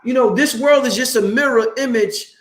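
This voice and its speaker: Male livestream host with a high voice, hyped and confident, casual and swearing, in a roomy space. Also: moderate pace, slight background noise. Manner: hyped, excited and self-assured, swears freely. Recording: roomy, echoey room sound.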